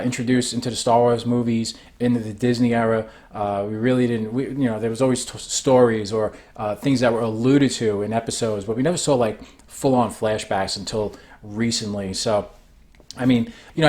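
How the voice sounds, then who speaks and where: A man's voice: mid-range voice, darkish tone. A man giving a casual spoken recap of a show, rambling and often restarting his sentences.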